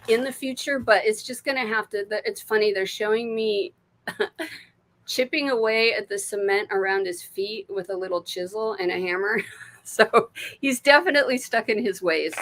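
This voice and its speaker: An American woman hosts a live stream of psychic card readings. Her talk is loose and chatty, full of laughs and cheerful swearing, with sudden soft murmurs when she turns to ask spirit for answers. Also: mid-range voice. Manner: chatty, warm-hearted, laughs often, swears freely; drops to murmurs and whispers when asking spirit. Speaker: intuitive reader.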